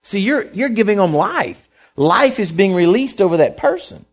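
Emphatic preacher man, fairly high voice. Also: very animated, moderate pace. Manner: storytelling, voice swinging from quiet asides to loud emphatic lines. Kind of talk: sermon.

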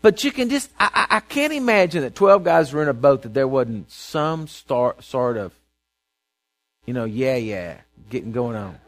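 A pastor delivers a sermon, telling the story casually and conversationally, stammering through restarts and often checking in with "right?" and "okay?". His medium-pitched voice swings widely in pitch, moves at a moderate pace, and sounds a bit bright.

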